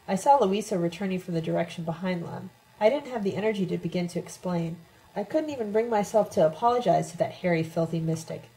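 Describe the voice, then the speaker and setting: A woman narrating a novel in the first person with a plain, steady reading. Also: fairly low pitch, rough recording. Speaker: audiobook narrator.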